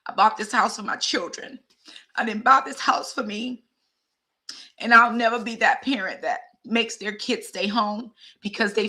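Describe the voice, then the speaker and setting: Bright-voiced woman in her fifties. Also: medium pitch. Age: 50s. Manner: heartfelt, conversational, addresses viewers directly. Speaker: vlogger and teacher. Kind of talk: candid personal vlog talk.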